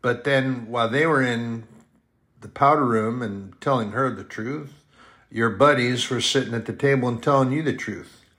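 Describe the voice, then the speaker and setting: A man's voice: medium pitch, moderate pace, fairly bright tone. A man preaching in a folksy, rambling storytelling style, now and then acting out short quoted voices. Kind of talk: storytelling sermon.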